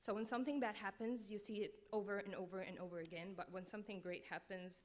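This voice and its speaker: A woman's voice: medium pitch, fairly even intonation, a little mellow, slight background noise. A woman in the audience introduces herself with a small joke and asks the speakers an earnest question. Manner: fast, earnest, a little joking. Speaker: audience member asking a question.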